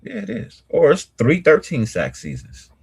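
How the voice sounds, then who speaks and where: A man's voice: fairly high pitch, wildly swooping pitch, moderate pace, creaky, breathy edge, no echo. A man co-hosting a podcast, talking in a blunt, emphatic and mocking way. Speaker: podcast co-host. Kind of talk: casual podcast chat.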